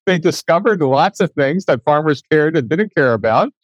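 Animated older man telling stories. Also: on the high side, normal speed, no room sound, muffled recording. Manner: animated, acts out dialogue in his anecdotes. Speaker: guest. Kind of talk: storytelling interview.

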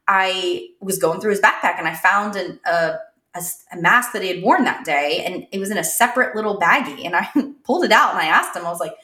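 Woman in her thirties, podcast co-host, lively pitch, laughing storyteller, roomy echo. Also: a little fast. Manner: animated storytelling, laughs often. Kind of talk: casual chat.

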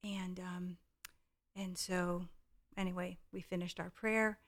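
Earnest, steady-pitched middle-aged woman. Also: slow pace. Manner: earnest, heartfelt storytelling. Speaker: guest. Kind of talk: storytelling in conversation.

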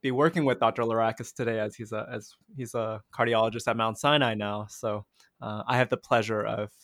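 A man's voice: on the low side, steady tone, a little fast, a bit bright, no echo, clean studio sound. A man co-hosting a podcast, asking questions in a friendly, appreciative way. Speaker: podcast co-host.

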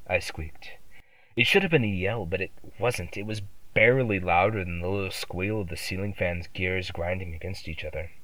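A man narrating a scripted horror story in the first person, quiet and measured. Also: low-pitched, no echo, far from the mic, poor audio.

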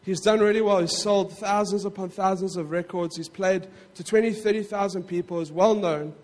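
A man preaching a sermon in a conversational way, with frequent asides to the congregation and quick self-corrections. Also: high-pitched, fairly even intonation, darkish tone, big-room sound. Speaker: pastor.

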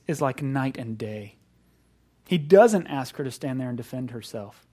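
A middle-aged male pastor delivers a sermon in a slightly higher-pitched voice. He is animated, acting out little voices and swinging between hushed, drawn-out lines and loud, punchy emphasis.

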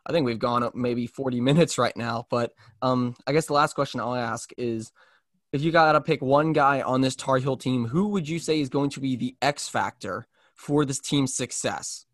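A young man hosting a sports podcast, chatting casually in a halting way with frequent restarts. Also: mid-range voice, no echo, clean studio sound. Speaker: podcast host.

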